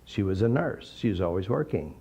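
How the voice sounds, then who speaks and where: A man's voice: low-pitched, a little fast, gravelly, breathy edge. Blunt, joking man teaching. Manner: blunt, joking, animated storytelling. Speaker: therapy method teacher. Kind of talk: informal teaching talk with anecdotes. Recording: slightly dull recording.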